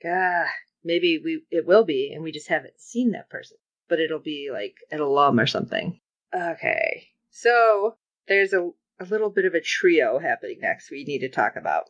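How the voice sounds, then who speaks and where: A podcast co-host gives an animated, casual recap of a TV episode, acting out the characters' lines. Her voice is low and her speed normal. The lo-fi recording sounds dull, with no room sound.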